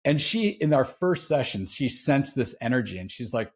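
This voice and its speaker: A man's voice: medium pitch, sing-song, a little fast, slightly rough. Laid-back man telling a story. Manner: casual, says "dude" often, frequent restarts. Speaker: podcast guest. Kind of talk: candid storytelling.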